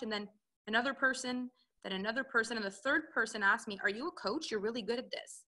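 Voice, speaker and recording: A woman who coaches entrepreneurs on relationships and business appears as an interview guest, telling her personal story. Her voice is on the high side, fast, bright, and forceful, and she acts out the dialogue she quotes.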